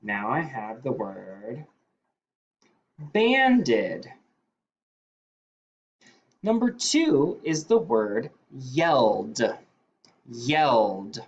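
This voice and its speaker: A male teacher leading a phonics dictation lesson, sounding out words slowly and deliberately. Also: medium pitch, sing-song, lo-fi sound.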